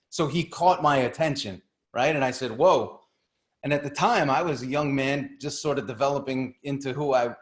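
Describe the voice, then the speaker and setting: Earnest man telling a story, roomy sound. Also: mid-range voice. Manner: earnest, repeats words when starting a thought. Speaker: guest coach. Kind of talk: storytelling on a video call.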